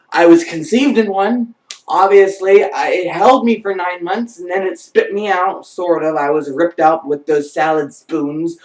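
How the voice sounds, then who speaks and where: A man telling a comic anecdote in an animated way, breaking into squealing voices. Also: high voice, distant mic. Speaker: vlogger. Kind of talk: comedic storytelling. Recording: echoey room, voice off-mic.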